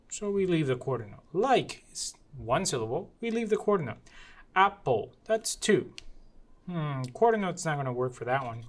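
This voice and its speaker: A woman music teacher demonstrating a rhythm lesson in a playful way, chanting rhythm syllables. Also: sits low. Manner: slow and deliberate. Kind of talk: classroom music lesson demo.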